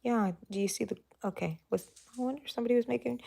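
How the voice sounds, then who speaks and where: A woman's voice: on the high side, fast, creaky, dark tone. A woman hosting a live crochet stream, chatting casually and answering viewers' comments in rambling, self-interrupting asides. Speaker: crochet channel host.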